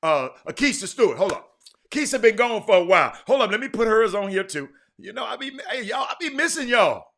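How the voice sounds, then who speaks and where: Bright-voiced man hosting a livestream. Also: sits high, very animated, fairly quick. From Houston, Texas. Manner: chatty, talks to viewers by name, frequent restarts. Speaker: livestream host. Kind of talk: casual livestream chat reading viewer comments.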